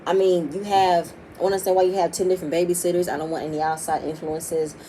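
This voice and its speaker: A woman's voice: lowish voice, flat delivery, quick pace, warm tone, slight background noise, rough recording. A woman recapping a reality TV episode, talking bluntly and profanely and acting out what the cast said. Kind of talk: casual opinionated episode recap.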